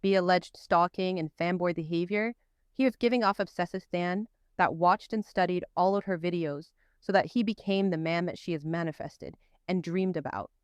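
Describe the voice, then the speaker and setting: A woman's voice: lowish voice, normal speed, clear, resonant tone, no room sound, studio quality. A woman hosting a commentary video, reading a scripted narration with emphatic, punchy delivery and rhetorical questions.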